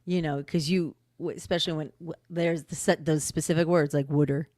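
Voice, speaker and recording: A woman co-hosting a podcast in casual chat, talkative and quick to laugh. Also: low-pitched, steady tone, dry recording, clean studio sound. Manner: chatty, laughs often, reads plugs in a bright upbeat voice. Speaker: podcast co-host.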